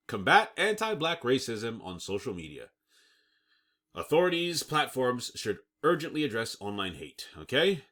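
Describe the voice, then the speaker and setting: A channel host with a medium-pitched, pushed and bright voice reads news reports and comments on them forcefully, frequently checking in with "okay?". When he trips over words, he laughs at himself.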